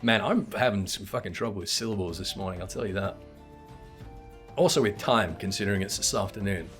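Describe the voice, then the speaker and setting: A tired young man talks casually over a game he is streaming, swearing freely and laughing along. His voice sits on the low side. Faint game music runs underneath. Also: a little fast, fairly bright tone.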